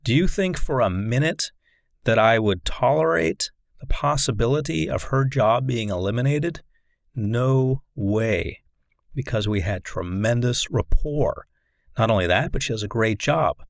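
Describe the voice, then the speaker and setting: A man's voice: mid-range voice, lively intonation, a little slow, vocal fry, dry recording, clean studio sound. A man giving a recorded life coaching lecture in an earnest tone, often asking the listener rhetorical questions.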